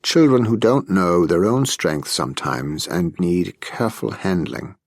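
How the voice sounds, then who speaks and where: A man's voice: sits low, animated, a little slow, creaky, darkish tone, no room sound, exaggerated voice. A man reading an audiobook voices a talkative, self-assured male party economist who lectures with confidence. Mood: lecturing.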